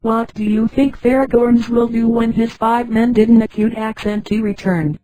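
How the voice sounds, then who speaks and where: A man's voice: very high-pitched, fairly even intonation, unhurried, dark tone, no room sound, low-quality recording. A text-to-speech woman's voice reading the questions of a curious young male companion.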